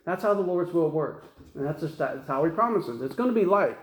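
A man's voice: fairly high pitch, lively intonation, fairly quick, roomy sound, low-quality recording. A man, preaching a folksy, rambling sermon full of restarts and fillers. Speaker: pastor.

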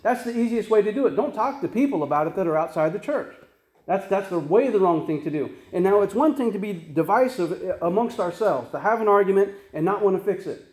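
A man's voice: high-pitched, animated, fairly quick, a little mellow, roomy sound. A man preaching a sermon as pastor, earnest and conversational, with frequent restarts and tag questions.

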